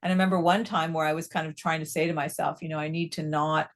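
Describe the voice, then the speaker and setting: A middle-aged woman with a fairly low voice speaks as a therapist guest in an interview. She explains things in a measured, patient way and often checks in with a quick "right?". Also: flat delivery. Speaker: psychotherapist guest.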